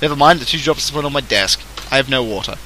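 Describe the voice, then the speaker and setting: A man's voice: medium pitch, expressive, fast, sharp tone, a little hiss or hum, poor audio. An Australian man streaming a game, chatting casually and playfully, joking at his own expense. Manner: playful, joking, self-mocking. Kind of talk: casual gaming stream chat.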